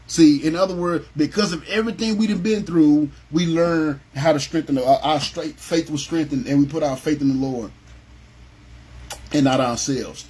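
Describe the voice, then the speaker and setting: A middle-aged pastor leads a Bible study, talking casually into his phone. His voice is husky and sits a little high for a man. He often checks in with his listeners by asking "you know what I'm saying?". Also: brisk, darkish tone. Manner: acts out biblical figures with a raised voice. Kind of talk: informal livestream Bible study sermon.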